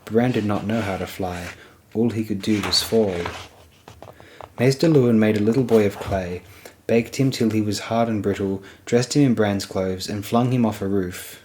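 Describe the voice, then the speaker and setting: Male audiobook narrator, low voice, steady even storytelling delivery. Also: moderate pace, slight background noise.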